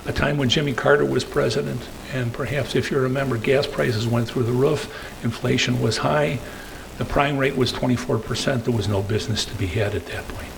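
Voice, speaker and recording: An older man tells stories to a meeting room while clicking through slides. His voice is gravelly and sits at an ordinary pitch. He rambles, hesitates on fillers and keeps tagging his points with "okay?". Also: fairly even intonation, fairly quick, noisy background. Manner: rambling, peppers sentences with "okay?"; hesitant fillers between phrases. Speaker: guest speaker. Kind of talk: anecdotal storytelling talk.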